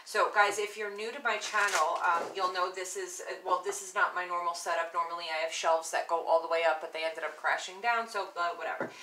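A woman's voice: fairly low pitch, steady tone, fairly quick, few pauses. Woman, tarot reader, chatty, lots of fillers, echoey room, noisy background. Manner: chatty, with many "um" and "guys"; murmured, repeated invocations. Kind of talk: casual tarot reading to camera.

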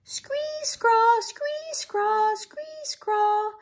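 A woman's voice: extremely slow, heavily acted. A woman voicing an angry, screeching robin guarding its nest in a read-aloud storybook. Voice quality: shrill screeching.

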